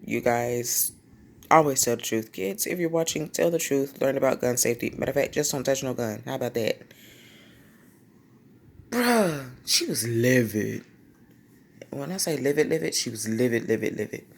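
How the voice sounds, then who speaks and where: A woman vlogger telling a personal story, lively and slangy, acting out quotes. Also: extremely low pitch, brisk, vocal fry. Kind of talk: storytime vlog.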